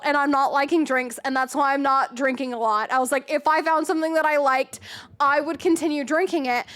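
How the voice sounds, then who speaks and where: Young woman, high voice, animated casual storytelling, swears a lot. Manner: animated, swears freely, acts out quotes. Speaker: streamer.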